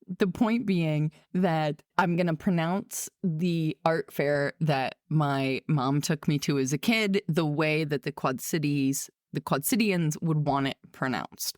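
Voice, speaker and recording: Low-voiced Midwestern woman host. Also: no room sound, clean studio sound. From Midwest, United States. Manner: friendly, self-deprecating, steers back to topic. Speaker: podcast host. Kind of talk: interview conversation.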